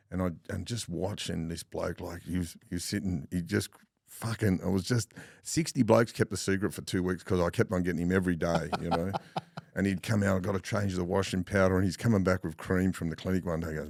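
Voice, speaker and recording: Deep gravelly Australian man spinning yarns. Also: quick pace, no echo, studio quality. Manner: swears often, animated yarn-spinning with laughs. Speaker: podcast guest. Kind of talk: casual storytelling chat.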